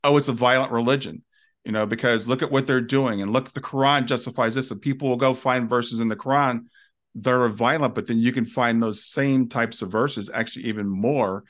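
A man's voice: medium pitch, fairly even intonation, a little fast, fairly bright tone. Earnest, reflective male podcast host. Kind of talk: conversational podcast interview.

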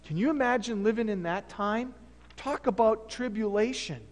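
A man's voice: high voice, normal speed, big-room sound. A male pastor preaching a sermon in a conversational, storytelling manner. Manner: conversational preaching, fillers and restarts. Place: church sanctuary.

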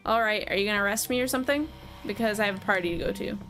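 A woman's voice: medium pitch, very fast, a bit bright, faint music behind, lightly acted. A woman reading the lines of a sardonic, self-deprecating young woman in a video game, dry and sarcastic.

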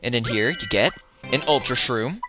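A man giving casual, rambling, jokey gameplay commentary from home, breaking into loud excited yelps. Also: medium pitch, moderate pace. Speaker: let's player. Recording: video game music playing behind.

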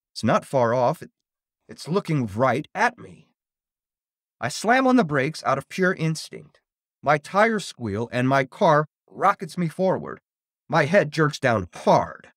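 A man's voice: medium pitch, fairly bright tone, dry recording, clean studio sound. A man narrating a horror story in the first person, with tense, dramatic delivery.

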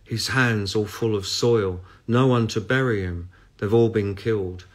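A man's voice: lowish voice, a little slow. Man reading a story aloud. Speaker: musician hosting a live stream.

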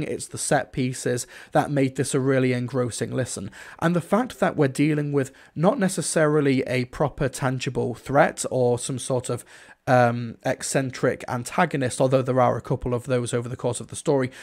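A man's voice: medium pitch, creaky, darkish tone. Casual man reviewing with filler words. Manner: chatty, many fillers like "like" and "um".

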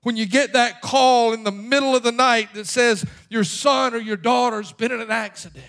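High, bright-voiced preaching man. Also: fairly even intonation, normal speed, hardly any pauses. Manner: emphatic preaching, swinging from hushed to shouting. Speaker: pastor. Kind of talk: sermon.

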